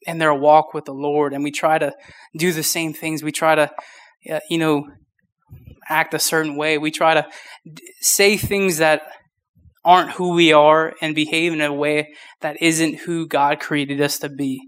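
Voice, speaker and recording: A man's voice: a little high, level tone, measured pace, a bit bright, smooth. A young man in his twenties preaching a casual youth sermon, short of breath, with many restarts and fillers. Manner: informal, rambling, many restarts. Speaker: youth pastor.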